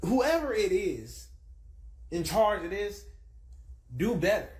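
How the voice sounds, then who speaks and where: A man in a commentary clip, lively and asking rhetorical questions. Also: high voice, takes it slowly. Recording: echoey room.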